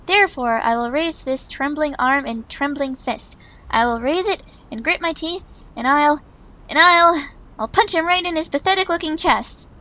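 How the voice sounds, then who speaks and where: A woman's voice: high-pitched, lively intonation, normal speed, pushed and bright, voice pushed up, rough recording. A woman voicing a prim, stubborn young female trainee, narrating her thoughts earnestly in first person from a visual novel. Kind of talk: reading a visual novel aloud.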